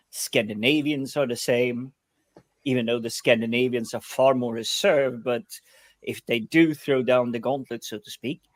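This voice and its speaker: Measured, reflective middle-aged man. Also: medium pitch, no room sound. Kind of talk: casual conversation.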